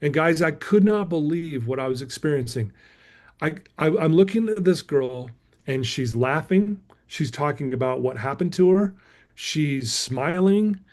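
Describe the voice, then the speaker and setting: A man's voice: a little high, animated, measured pace, a little mellow. A middle-aged man, a guest speaker, telling a motivational story emphatically and calling his listeners "guys".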